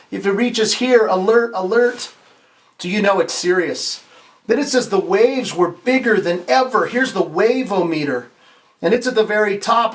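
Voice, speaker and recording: Man, pastor, reading a children's storybook aloud, expressive, asks the kids questions, playful asides, stumbles now and then. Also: high-pitched. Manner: expressive, asks the kids questions and has them repeat lines. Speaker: pastor hosting a kids' story time.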